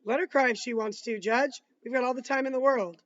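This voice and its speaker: A man reading aloud, voicing a calm, patient lawyer cross-examining a witness in measured questions. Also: extremely high pitch, muffled recording. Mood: probing.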